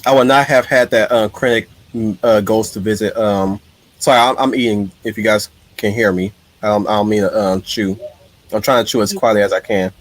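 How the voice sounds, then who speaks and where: A man's voice: on the low side, fairly even intonation, brisk. A man hosting a casual live stream, telling his ideas in an eager, rambling way. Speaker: streamer host.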